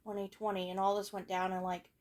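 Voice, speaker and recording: A teenage woman casually telling her own life story, frank and rambling, with lots of fillers and swearing, often trailing off softly at the ends of thoughts. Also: mid-range voice, level tone, fast talker. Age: late teens. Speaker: vlogger.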